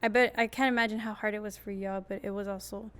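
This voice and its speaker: A woman's voice: mid-range voice, fairly even intonation, fast talker, a bit bright. A young woman hosting a casual podcast, telling a story in a chatty way and acting out what others said. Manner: chatty storyteller, acts out quoted voices. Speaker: podcast host.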